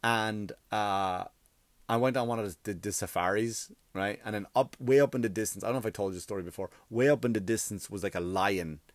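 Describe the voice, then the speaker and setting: A man's voice: lowish voice, a little fast, no room sound. A male stand-up comedian telling a rambling, profane story in casual chat, sounding exasperated.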